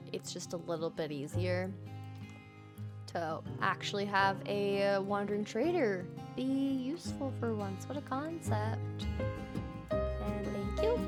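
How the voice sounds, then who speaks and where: A young woman giving relaxed, chatty commentary over her gameplay, easily surprised and cooing at the animals. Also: mid-range voice. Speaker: gaming channel host. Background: soft background music.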